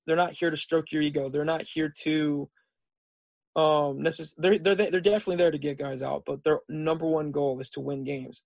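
A man's voice: fairly high pitch, vocal fry, no room sound. Laid-back young man telling stories. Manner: laid-back, rambling storyteller saying "dude" and "like". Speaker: podcast guest, junior college football player. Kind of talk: casual chat.

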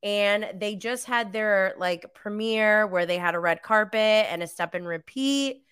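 A woman's voice: medium pitch, a little slow, fairly bright tone, clean tone. A woman hosting a podcast, chatting casually through a live recap with many fillers and giggles. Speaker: podcast host.

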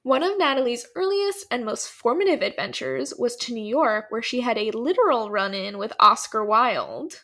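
A woman's voice: on the high side, animated, moderate pace, hardly any pauses, a bit bright. A woman co-hosting a podcast, telling a story in casual chat, laughing often and filling with "like". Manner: chatty, laughs often, many "like" fillers.

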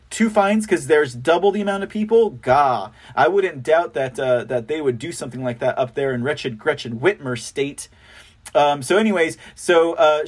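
Male show host, high voice, scornful and mocking commentary. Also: breathy edge. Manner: scornful, mocking, repeats words. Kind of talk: opinionated commentary.

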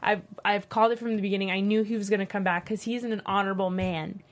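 A woman's voice: mid-range voice, steady tone, fast talker. A gushing woman fan co-host. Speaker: podcast co-host. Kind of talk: casual fan panel chat.

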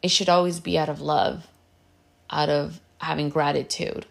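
A woman's voice: sits low, steady tone, normal speed, creaky. A woman speaking in an earnest, direct coaching tone about everyday habits, sometimes slipping into Spanish phrases. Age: adult with a partner and kids. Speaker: podcast host giving advice. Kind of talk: casual advice talk.

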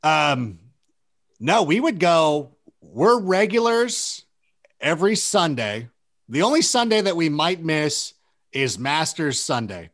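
A man in his thirties from Southern California talks in a loose, rambling way, leaning on "like" constantly. His voice sits a bit high for a man and swings widely up and down. It sounds like relaxed podcast chat. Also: slow pace. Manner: rambling, filler-heavy with many likes. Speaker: sports media guest.

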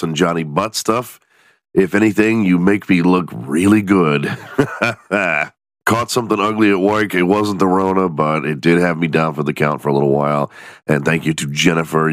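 Male podcast host, low voice, stuffed-up and nasal, crude sarcastic humor, dry close sound. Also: no echo. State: congested, nasal from a cold. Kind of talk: casual comedic news commentary.

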